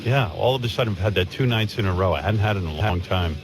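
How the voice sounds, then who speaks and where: A man's voice: fairly low pitch, quick pace, music in the background. A man chatting casually on a radio show, rambling and self-mocking. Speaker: radio show host in a played clip.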